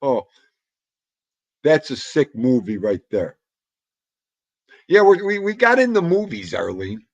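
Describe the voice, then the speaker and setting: A man's voice: mid-range voice, wildly swooping pitch, takes it slowly, pauses often, no echo. A man hosting a casual livestream, rambling about old movies, muttering asides to himself and greeting chat. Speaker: livestream host.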